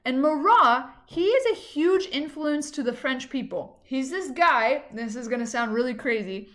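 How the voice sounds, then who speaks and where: A woman's voice: sits high, expressive, normal speed, a bit bright. A woman teacher giving a recorded history lesson in a casual, chatty way, with frequent "um" and "like".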